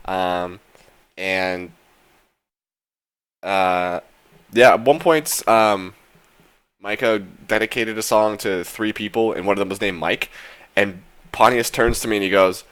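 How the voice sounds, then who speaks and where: Rambling young man with a very deep voice. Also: moderate pace, a bit bright. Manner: rambling, filler-heavy, swears casually. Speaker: vlogger. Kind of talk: casual vlog recap.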